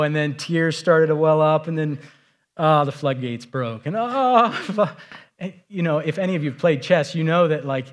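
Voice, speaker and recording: Conversational storytelling pastor, a man. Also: a little high. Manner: storytelling, conversational, rises to emphatic. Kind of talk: sermon.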